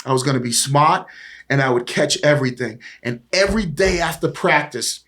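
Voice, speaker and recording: A former pro football player from East Boston, USA, now in his forties, guests on a casual podcast chat. His voice is a little high and a little quick, carrying a Boston accent as he rambles through profane stories, animated and frequently laughing.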